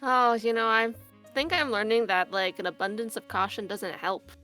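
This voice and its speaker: A woman's voice: fairly high pitch, moderate pace, bright, forceful tone, faint music behind. A woman playing her character in a tabletop game, in a playful way. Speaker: player. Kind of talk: in-character tabletop role-play.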